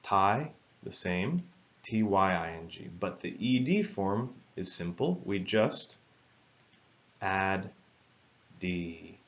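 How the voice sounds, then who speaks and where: A man teaching English spelling rules in a careful, measured lesson narration, spelling words out letter by letter. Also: low voice, expressive, a bit bright, highs cut off.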